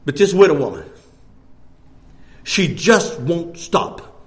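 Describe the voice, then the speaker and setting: A man preaching a sermon, animated, jumping between loud bursts and hushed lines and laughing often. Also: a little high, slow, long pauses.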